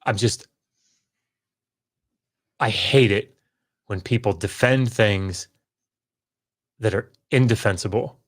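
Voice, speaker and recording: A man's voice: lowish voice, slow pace, long pauses. A man co-hosting a podcast, venting his frustration in an emphatic, exasperated way, with sighs and repeated words. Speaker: podcast co-host. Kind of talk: heated casual discussion.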